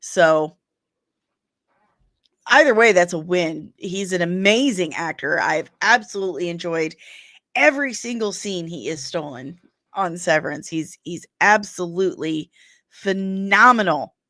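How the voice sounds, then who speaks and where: Slow, low-voiced woman hosting a stream. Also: lively intonation, a bit bright, no echo, studio quality. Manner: chatty, laughs often, reads out and answers viewer comments by name; loses her place while searching on screen and grumbles aloud. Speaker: host of a daily pop-culture news stream. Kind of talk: casual live-stream chat about entertainment rumors.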